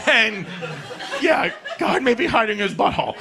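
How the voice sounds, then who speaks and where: A man with a high, bright voice tells rowdy, profane stories on a comedy club stage. He is loud and pushes the punchlines hard into a handheld mic. Heavy, constant club noise fills the recording. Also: expressive, normal speed, creaky. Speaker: stand-up comedian. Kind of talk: stand-up comedy set.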